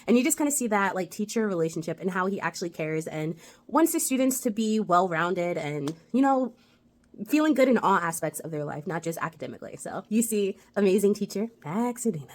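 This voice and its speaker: A woman's voice: mid-range voice, animated, a little fast. A woman giving a casual, chatty recap of a TV episode, retelling it with lots of "like" fillers. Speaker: TV rewatch reviewer.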